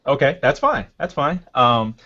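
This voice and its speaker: A man running a tabletop game as game master, narrating in a halting way with many fillers and restarts. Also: medium pitch, expressive, bright, forceful tone, muffled recording.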